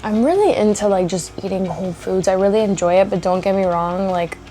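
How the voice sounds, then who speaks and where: A woman's voice: medium pitch, a little fast, dark tone, faint music behind. Chatty young woman rambling in a vlog. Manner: chatty, rambling, many likes and laughs. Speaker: vlogger.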